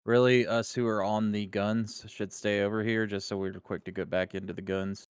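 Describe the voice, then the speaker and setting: Flat, smooth low-voiced man. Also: moderate pace, no echo, studio quality. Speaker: raid member. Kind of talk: game voice chat.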